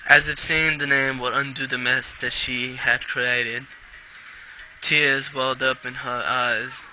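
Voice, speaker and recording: A man reading a fan story aloud in a put-on British accent, slowly, now and then stumbling over words. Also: medium pitch, pushed and bright, slight background noise, poor audio. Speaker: fanfic reader.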